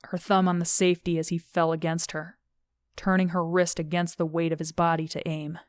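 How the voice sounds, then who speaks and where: A woman narrating a novel as an audiobook, in a steady, measured reading. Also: lowish voice, no echo, clean studio sound. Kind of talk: scripted narration of a thriller novel.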